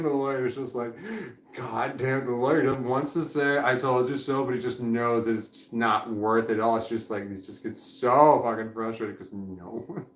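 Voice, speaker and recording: A man's voice: mid-range voice, moderate pace, reverberant. A man rambling candidly on a live stream at home, drowsy and foggy, swearing often and laughing between thoughts. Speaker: vlogger. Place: indoors at home.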